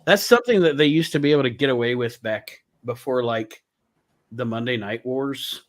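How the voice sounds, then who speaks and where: A man's voice: mid-range voice, normal speed. A man hosting a casual podcast, reading wrestler stats aloud and riffing on them with frequent laughs. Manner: laughs often, reads stats then riffs. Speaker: podcast host.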